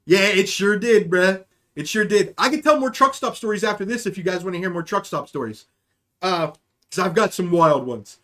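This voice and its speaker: High-voiced young man rambling a story. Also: expressive, moderate pace, a bit bright. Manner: rambling, profane, keeps asking "okay?". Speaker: livestream host. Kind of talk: casual storytelling chat.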